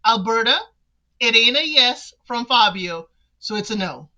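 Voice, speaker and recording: A woman hosting a casual reality-show recap, animated and talking straight to the people on the show. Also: on the high side, measured pace, poor audio. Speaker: recap podcast host.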